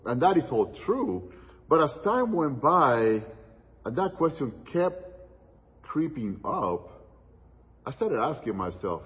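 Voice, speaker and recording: A man preaching a sermon, telling a story with dramatic pauses and dropping to hushed tones for quoted words. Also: mid-range voice, sing-song, slightly rough. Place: church hall. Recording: distant, muffled church hall recording with long reverb.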